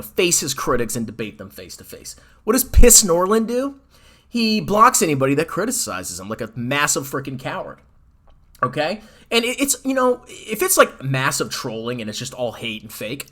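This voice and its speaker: A male finance commentator delivers a heated, sarcastic rant, mocking his target as he goes. His pitch swings widely and his voice has a bright, forceful edge. He sounds like a host talking straight to his audience. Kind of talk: ranting commentary video.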